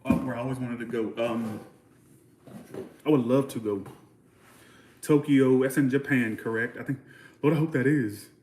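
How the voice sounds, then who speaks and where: A man from Georgia with a Southern US accent hosts a casual livestream chat. He rambles and speaks bluntly in a middle-pitched voice. The sound bounces around an echoey room. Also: normal speed, long pauses, darkish tone, slight background noise. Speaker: channel host.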